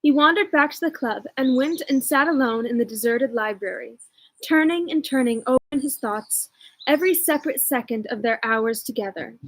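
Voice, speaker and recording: A woman reading a novel aloud at home in a measured, even narration. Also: sits high, rough recording. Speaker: audiobook reader.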